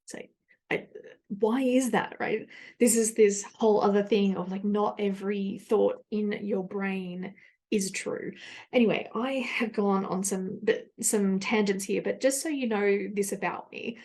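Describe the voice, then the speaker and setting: A woman's voice: medium pitch, steady tone, unhurried, a little mellow. An Australian woman hosting her own podcast, talking through a personal story. She rambles and drifts into tangents, acting out her own thoughts as she goes. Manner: chatty, rambling with tangents and self-quotes. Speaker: podcast host.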